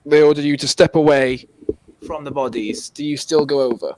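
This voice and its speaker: Male game master, chatty scene-setter who trips over his words, slightly high voice, dry close recording. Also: fairly quick, a little mellow, dry recording. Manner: chatty scene-setting, often restarts phrases. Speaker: dungeon master. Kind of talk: casual tabletop game narration.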